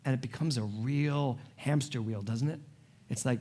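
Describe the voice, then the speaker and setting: A man in his forties, a spiritual director, giving a sermon to a congregation with animated, humorous storytelling. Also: medium pitch, moderate pace. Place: church service before a congregation.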